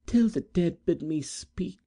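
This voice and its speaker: A man voicing a gentle, fragile young woman in mourning, in a high girlish voice, in an audiobook reading. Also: takes it slowly. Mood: mournful, solemn.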